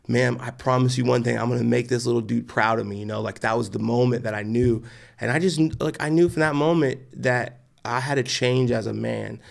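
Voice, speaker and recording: Man in his 40s, gravelly voice, earnest storyteller, keeps doing the voices of people in the story. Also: mid-range voice. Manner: animated, acts out the voices of people in his stories; emotional, earnest. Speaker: podcast guest. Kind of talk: candid personal storytelling.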